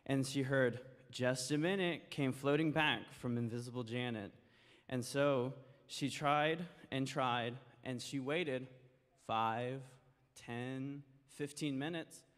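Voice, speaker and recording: Brief: male children's-story teller, folksy and gentle, long reverb of a church hall. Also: medium pitch, steady tone, slow. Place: church sanctuary.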